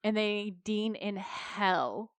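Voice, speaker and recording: A woman co-hosting a podcast, recapping an episode in casual chat and acting out the characters' lines with quick shifts of voice. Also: mid-range voice, lively intonation, clear, resonant tone, no room sound. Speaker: podcast co-host.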